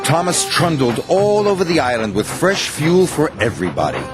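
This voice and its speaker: A man narrating a children's storybook in an expressive, sing-song way. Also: fairly high pitch, moderate pace, over loud music. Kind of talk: storybook reading.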